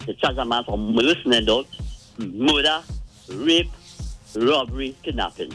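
A man calling in, animated and stumbling over his words when indignant. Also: medium pitch, measured pace, soft background music. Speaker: caller.

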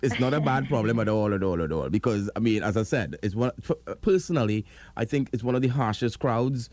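A man's voice: on the low side, expressive, a little fast, a little mellow, dry recording. A Trinidadian man in his thirties hosting an interview, earnest and hesitant, restarting his sentences often. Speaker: interview host. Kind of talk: casual interview.

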